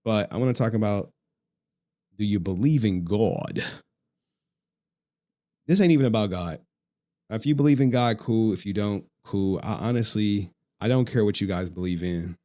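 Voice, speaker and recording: A man's voice: on the low side, moderate pace. A man streaming, telling stories in casual, slangy, profane talk. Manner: animated, profane, slangy storytelling. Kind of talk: casual livestream chat.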